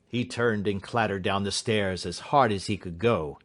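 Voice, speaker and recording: A man giving a measured, dramatic audiobook narration. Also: lowish voice. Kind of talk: scripted narration.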